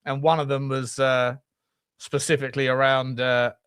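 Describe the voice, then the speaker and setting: A man co-hosting a casual football podcast, chatty and laughing often as he reads out viewer shout-outs. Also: mid-range voice, level tone, moderate pace, clear, resonant tone, no echo, clean studio sound. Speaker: co-host.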